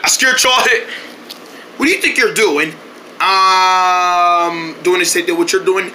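A man's voice: sits high, takes it slowly, sharp tone, a little hiss or hum. A man doing homemade cartoon voice acting, switching between exaggerated character voices and yelping. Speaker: cartoon voice actor.

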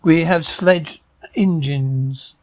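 A man doing a cold, gravelly enemy envoy. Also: fairly high pitch, extremely slow, a little mellow, slight background noise. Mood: threatening. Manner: cold, blunt threats. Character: menacing male enemy envoy demanding surrender.

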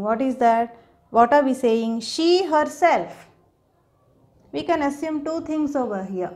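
Slow, patient woman teaching grammar. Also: fairly high pitch, darkish tone. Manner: patient, slow explaining with frequent "okay?" checks. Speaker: English teacher. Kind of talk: explaining grammar to viewers.

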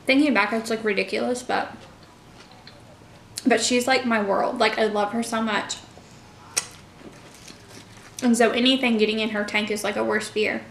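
A woman's voice: on the high side, fairly even intonation, moderate pace, vocal fry, long pauses, a bit bright, slight background noise. Chatty young woman in an echoey room. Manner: chatty, many fillers. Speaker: vlogger. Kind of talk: casual mukbang chat. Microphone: camera mic.

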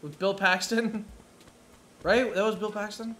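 High-voiced man, swearing, laughing game streamer. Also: measured pace, faint music behind. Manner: profane, laughing, animated storytelling. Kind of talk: casual chat while live streaming a game. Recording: roomy echo.

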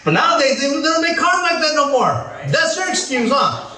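A pastor preaches with high, lively inflection, teasing his congregation between points. The recording is distant and echoey, like a church hall heard from the back. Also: a little fast, crowd noise. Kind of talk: sermon.

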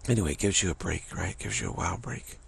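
A spiritual teacher with a deep, creaky, husky voice talks fast and expressively in a rambling, casual, musing way. He uses many fillers, often repeats himself, and stumbles over tongue-twisting phrases.

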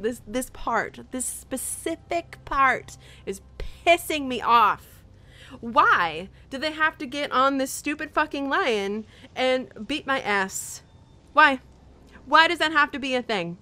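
Woman streamer swearing at a game, bright high voice, slow drawl. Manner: profane, frustrated, rambling. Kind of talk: casual gameplay commentary.

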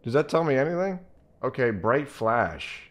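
A man's voice: mid-range voice, sing-song, normal speed. A young man with a congested, stuffy voice, chatting casually and reacting jumpily while playing a horror game. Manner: jumpy, chatty, reacting aloud to scares. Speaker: let's play gamer. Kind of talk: casual gameplay commentary.

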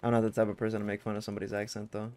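A man's voice: on the low side, monotone, very fast, darkish tone, slight background noise. A young man giving live gameplay commentary, brash, profane and joking as he trash-talks opponents. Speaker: gaming YouTuber.

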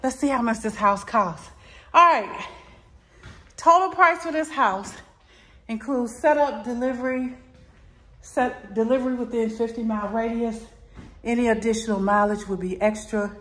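A woman with a voice on the high side, a bit bright, gives a casual, chatty tour of a modular home while somewhat out of breath. She talks at a moderate pace with long pauses and keeps repeating "really lovely." It's recorded indoors on a handheld phone, and the empty rooms echo.

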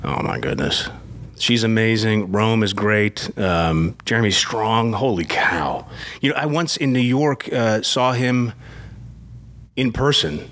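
A man, an actor and singer, chatting as a talk show guest, cracking deadpan jokes. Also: fairly low pitch, slow. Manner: joking, deadpan sarcastic asides. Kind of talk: casual chat.

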